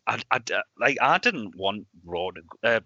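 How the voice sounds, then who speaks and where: A man co-hosting a podcast, talking in a casual, animated way with frequent restarts and bursts of laughter. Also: on the low side, normal speed, dry recording. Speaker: podcast co-host. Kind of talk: casual chat. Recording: dull lo-fi dry sound.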